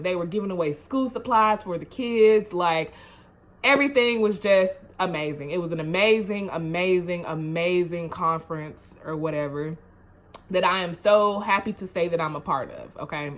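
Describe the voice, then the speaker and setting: Woman vlogger, chatty and repetitive, earnest and emotional, moves into pep-talk encouragement. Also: medium pitch. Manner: chatty, repetitive, often asks "you know what I'm saying?". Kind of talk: casual storytelling to camera.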